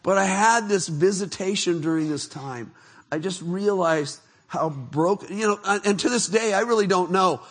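A middle-aged man preaching a testimony sermon, telling his story with animated laughter, turning soft and hushed when he reflects. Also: high voice, moderate pace, husky.

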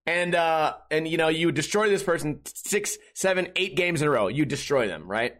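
A man in his thirties with a rather high-pitched voice delivers a rambling podcast monologue. He is sarcastic and profane, with many restarts. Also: expressive, normal speed, a bit bright. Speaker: podcast host. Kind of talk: casual ranting monologue.

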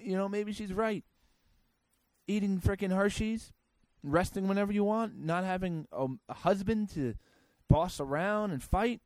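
A male host tears through odd news stories with crude, sarcastic rants and mock disbelief. His voice sits somewhat high for a man and sounds close and dry, with no room echo. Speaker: podcast host. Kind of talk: comedic news commentary.

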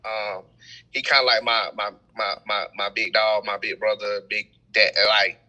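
A young man telling stories in a casual podcast chat, animated and full of slang. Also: on the low side, a little slow, lo-fi sound. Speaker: event host and promoter.

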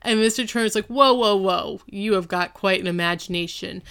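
A woman in her thirties chats through a recap with a bright, crisp tone. Her voice is smooth and clear. She keeps things loose and dips into little character voices as she retells scenes. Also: mid-range voice. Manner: chatty, retells scenes with quick quoted voices. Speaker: podcast co-host. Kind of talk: casual recap chat.

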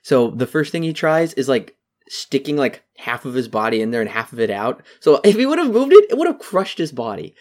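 A man co-hosting a podcast, chatting casually about a movie and mocking scenes with quick put-on voices. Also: mid-range voice, big pitch swings, a little mellow. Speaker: podcast co-host. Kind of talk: casual movie review chat.

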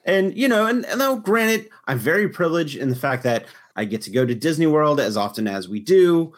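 A young man with a slightly higher voice tells a story in a loose, rambling way. He keeps stopping to restart his sentences and piles on filler words, in easy podcast chat. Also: expressive, fairly quick. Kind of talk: casual chat.

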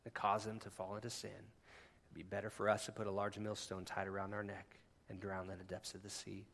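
A man preaching with a bright, forceful voice that drops to a hush and climbs to near-shouts. He talks to the congregation conversationally, slipping in asides between passionate points. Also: lowish voice, flat delivery, brisk, vocal fry. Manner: impassioned, swinging from hushed to near-shouting. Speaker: pastor. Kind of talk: sermon.

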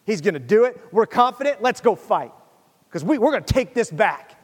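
A man's voice: sits high, very animated, moderate pace, slightly rough, in a large hall. A man preaching a sermon, reading scripture aloud and then pressing his listeners in a conversational, urgent way. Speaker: pastor.

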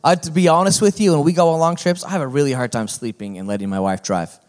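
A man's voice: a little high, steady tone, fast, darkish tone. A middle-aged male pastor preaching a sermon in a folksy, conversational manner that builds to emphatic points.

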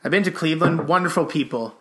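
A man's voice: on the high side, fast talker, sharp tone. A man hosting a podcast in casual chat, reading out listener questions in a laid-back way and swearing casually. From Canada. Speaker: podcast host.

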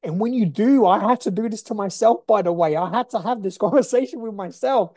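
A woman's voice: medium pitch, a little fast, mellow, no room sound. Blunt, profane woman ranting. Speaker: podcast host. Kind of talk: motivational podcast monologue.

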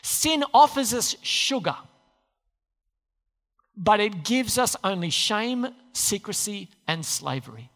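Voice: medium pitch, sing-song, slow pace, a bit bright. A preacher giving a sermon, telling a story with rhetorical questions and acted-out quotes. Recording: long hall reverb.

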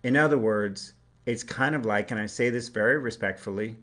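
A man's voice: medium pitch, normal speed, fairly bright tone. A man giving a live relationship coaching talk, earnest and explanatory, acting out short everyday dialogues.

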